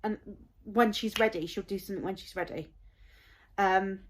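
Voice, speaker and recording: A woman's voice: mid-range voice, steady tone, normal speed, noisy background. A woman, talking in a heartfelt, rambling vlog as a parent, with many fillers. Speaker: parent vlogger. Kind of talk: casual vlog monologue.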